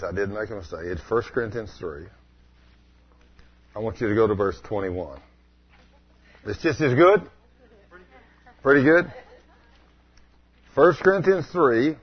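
A man preaching a storytelling sermon in a folksy way, asking the congregation questions and rising to loud exclamations. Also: mid-range voice, lively intonation, measured pace, pauses often, slightly rough, lo-fi sound.

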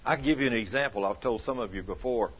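Male pastor, husky, lively storyteller, lo-fi sound. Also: mid-range voice, fast talker. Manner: animated, acts out quoted voices, shouts in anecdotes. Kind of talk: folksy sermon with storytelling.

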